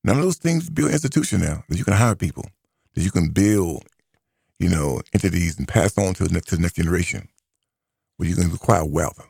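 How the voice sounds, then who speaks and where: Gravelly-voiced male radio talk host. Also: deep voice, animated, fairly quick, darkish tone, no echo, studio quality. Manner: emphatic, repeats key phrases. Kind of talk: opinionated radio commentary.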